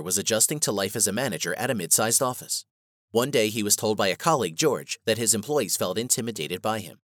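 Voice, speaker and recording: A man reading a scripted instructional narration in a measured, even way. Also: fairly low pitch, no echo, clean studio sound.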